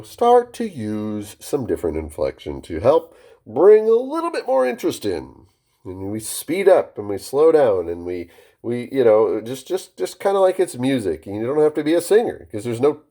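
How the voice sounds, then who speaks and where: A man coaching on phone sales skills in casual talk to camera, varying his pitch and speed on purpose and often restarting his sentences. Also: warm tone.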